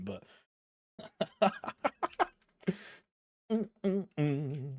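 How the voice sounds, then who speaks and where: A man's voice: on the high side, sing-song, normal speed, darkish tone, no echo, clean studio sound. A young man streaming a game, chatting casually in a rambling way, laughing often and calling his viewers bro. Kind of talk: casual chat while gaming.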